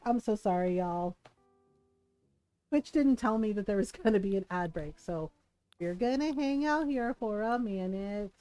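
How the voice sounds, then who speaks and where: A woman streamer from the United States telling a family story in casual, animated chat while she plays, laughing often and checking in with "right?". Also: medium pitch, normal speed, clean tone, dry recording, dull audio, soft background music. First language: bilingual in Tagalog.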